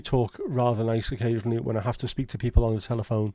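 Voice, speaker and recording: A man with a Scouse accent hosts a relaxed livestream chat. His voice is mellow and warm, recorded close and dry. He talks in blunt, sweary banter as he reads and answers comments. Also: medium pitch, quick pace, dry recording. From Liverpool, England. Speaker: livestream host. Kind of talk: casual chat reading live comments.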